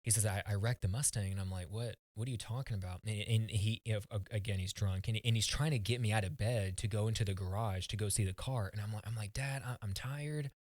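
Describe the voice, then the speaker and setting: A man with a fairly low voice tells a personal story as a podcast guest, earnest and halting, often restarting his words. The sound is dry and close, with no room around it. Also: fairly even intonation, darkish tone, no echo. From United States.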